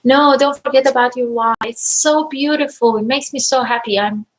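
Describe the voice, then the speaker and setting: A woman coach talking casually to viewers on a live stream, energetic and upbeat, effusively thankful and at times close to tears. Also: high voice, normal speed, poor audio. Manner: emotional, near tears at times. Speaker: life and money mindset coach.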